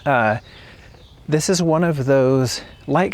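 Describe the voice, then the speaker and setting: A man teaching English outdoors while on a walk, speaking in an unhurried way and repeating example phrases to show how they sound. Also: a little high, gravelly. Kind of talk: casual spoken lesson.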